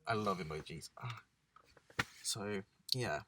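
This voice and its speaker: A man's voice: lowish voice, slow pace, background noise. A young man co-hosting a casual chat in a parked car, laid-back and rambling with plenty of fillers. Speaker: co-host.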